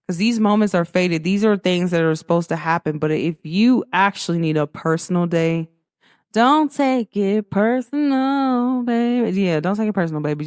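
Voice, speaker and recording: Lively young woman with a dry close sound. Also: fairly low pitch, clear, resonant tone, no room sound. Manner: animated storytelling, acts out quoted voices, laughs often. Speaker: host. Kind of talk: casual spiritual pep talk.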